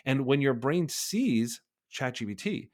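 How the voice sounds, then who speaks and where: A man's voice: mid-range voice, animated, a little slow. A man in his forties, a guest on an interview podcast, who talks animatedly and acts out little bits of dialogue. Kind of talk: conversational interview.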